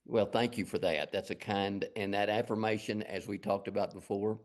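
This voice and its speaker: A man's voice: lowish voice, steady tone, normal speed. A middle-aged man from Lubbock with a West Texas accent, telling folksy, rambling stories as an interview guest. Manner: rambling, folksy, self-deprecating. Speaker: guest artist. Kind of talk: casual storytelling interview.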